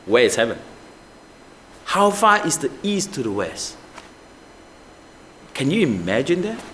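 A man's voice: mid-range voice, very animated, measured pace, fairly bright tone, slight background noise. A man preaching a sermon as pastor, asking the congregation many rhetorical questions.

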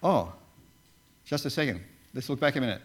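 A man's voice: mid-range voice, lively intonation, a little fast, breathy edge. A man who once worked as a Bible translator, giving a casual sermon and talking through slides with many fillers and restarts. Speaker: preacher, former Bible translator.

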